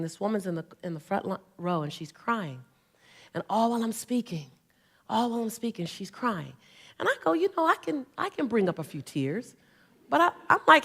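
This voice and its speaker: Animated, rousing woman motivational speaker. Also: fairly low pitch. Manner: animated storytelling with call-and-response; rousing, emphatic exhortation. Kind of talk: stage motivational talk. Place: on stage before a large audience.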